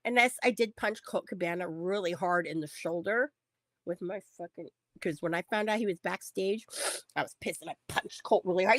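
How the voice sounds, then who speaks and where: A woman co-hosting a podcast tells stories casually and animatedly in a lowish voice at a brisk pace, recorded dry. She swears freely and acts out the quotes as she goes.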